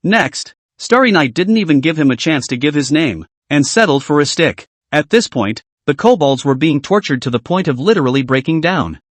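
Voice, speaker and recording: Brief: lively male narrator for a comic story recap, somewhat high voice. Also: a little fast, hardly any pauses, no room sound.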